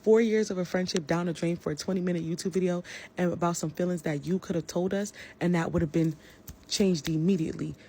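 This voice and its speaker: A woman's voice: fairly low pitch, fairly even intonation, fast talker, mellow, slight background noise. A woman giving an angry, profane rant to the camera about a falling-out with a friend. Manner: heated, profane, confrontational. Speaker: social media personality.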